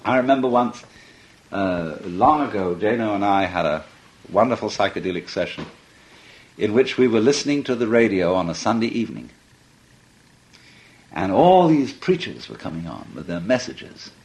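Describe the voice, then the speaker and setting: A man's voice: fairly low pitch, big pitch swings, normal speed, a little mellow, low-quality recording. A man giving a reflective lecture talk, musing and telling stories, often breaking into laughter. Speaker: speaker.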